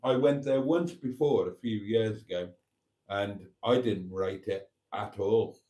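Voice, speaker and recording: A man's voice: lowish voice, measured pace, dark tone. Male live-stream host, casual and chatty, reads comments aloud.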